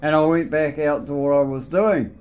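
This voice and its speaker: A man's voice: a little high, fairly even intonation, moderate pace, a little mellow, smooth. A man telling a casual anecdote, rambling with restarts and frequent "so anyway".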